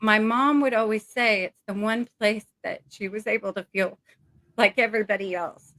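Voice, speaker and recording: Woman, middle-aged, interview guest, rambling, emotional, bright, dry. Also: mid-range voice, fairly even intonation, normal speed, dry recording. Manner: rambling, emotional, lots of fillers. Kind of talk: casual interview over a call.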